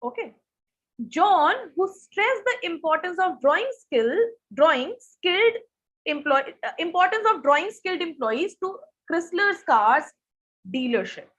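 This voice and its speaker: A woman's voice: very high voice, animated, measured pace, a bit bright, highs cut off. A young woman teaching SAT grammar in a live online lesson, quizzing students and reading their answers. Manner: asks students questions, reads answers from chat.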